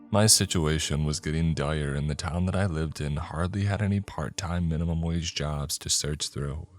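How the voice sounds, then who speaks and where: Man, extremely deep voice, measured horror narration, soft music underneath. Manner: measured, first-person storytelling. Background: faint background music.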